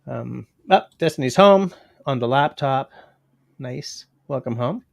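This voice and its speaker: A man's voice: medium pitch, animated, unhurried, gravelly, no echo. Rambling fifty-year-old man, dry sound. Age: 50s. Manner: rambling, reads viewer comments aloud. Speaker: livestream host. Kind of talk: casual livestream chat.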